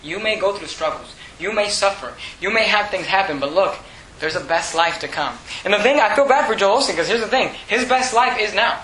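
A male pastor preaching a sermon, swinging from shouted peaks to hushed, quiet lines. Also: high voice, animated, brisk, roomy sound, poor audio.

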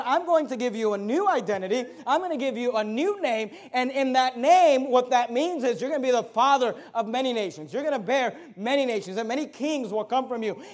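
A man preaching a sermon, reading scripture aloud and stressing key words by slowing down. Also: very high-pitched. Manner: emphatic, repetitive preaching, slows to stress words.

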